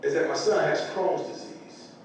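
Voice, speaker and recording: Earnest man in an echoey hall. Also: normal speed. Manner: earnest, emotional storytelling. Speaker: parent speaking to school staff. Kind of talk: motivational speech. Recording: echoey large room from far off, faint rumble.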